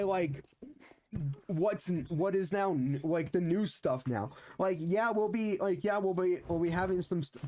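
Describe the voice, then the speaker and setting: A man's voice: high voice, darkish tone. A young man streaming a game, chatting casually and rambling with many restarts. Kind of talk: casual chat while gaming.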